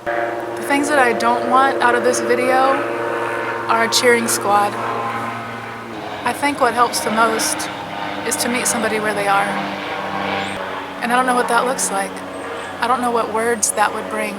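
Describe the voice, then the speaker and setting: A middle-aged woman who is unwell and worn out, talking candidly in a personal vlog, halting, sometimes soft and sometimes loud. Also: on the high side, very noisy. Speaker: vlogger.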